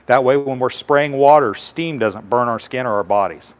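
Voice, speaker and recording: A man's voice: mid-range voice, normal speed. A man, a firefighter, giving a live station tour and patiently explaining equipment to children in simple terms.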